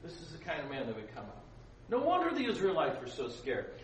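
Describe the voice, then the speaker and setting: This man's fairly high voice swoops wildly in pitch as he talks fast. He's leading a youth group through a relaxed Bible lesson, tossing in playful jokes and asking the kids questions. It was recorded in a gym-like hall with a distant mic, so the sound is roomy with faint noise.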